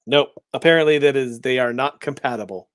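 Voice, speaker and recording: A man co-hosting a casual livestream chat, talking in an animated, playful way and slipping into silly voices. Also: medium pitch, a little fast, smooth, dry recording, clean studio sound. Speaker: co-host.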